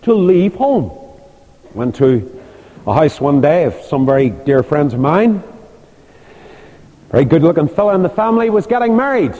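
A man's voice: a little high, sing-song, normal speed, pauses often, warm tone, lo-fi sound. An older man preaching a sermon about marriage, telling stories with emphatic delivery and rhetorical questions. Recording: long hall reverb.

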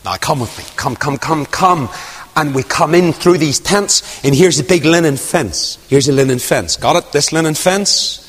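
A man preaching a dramatic sermon, swinging from loud rising questions to hushed near-whispers. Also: on the high side, normal speed, breathy edge. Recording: long hall reverb.

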